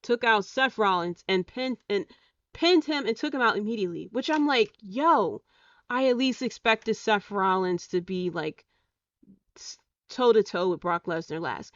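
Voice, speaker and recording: A woman's voice: medium pitch, lively intonation, normal speed, no room sound, distant mic, muffled recording. A woman hosting a solo podcast, giving a blunt, exasperated review and swearing freely. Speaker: podcast host.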